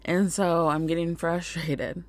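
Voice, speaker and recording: A woman's voice: on the low side, level tone, measured pace, no echo. Rambling woman chatting with viewers. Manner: rambling, filler-heavy, lots of "like" and "you guys". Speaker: mother sharing business contacts with viewers. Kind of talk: casual chat to camera.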